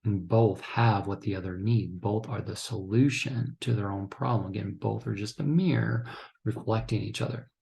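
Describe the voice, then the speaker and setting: A man teaching counselors in a low, gravelly voice with a dark, mellow tone. He lectures in an instructive way, keeps checking in with "okay?", and sometimes acts out what couples say to each other. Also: moderate pace. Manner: acts out couples' lines in quotes. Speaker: counseling trainer. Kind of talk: recorded training lecture.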